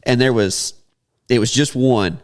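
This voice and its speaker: A man's voice: mid-range voice, measured pace. Chuckling man telling a story. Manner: laughs often while telling a story. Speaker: podcast host. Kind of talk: casual storytelling chat.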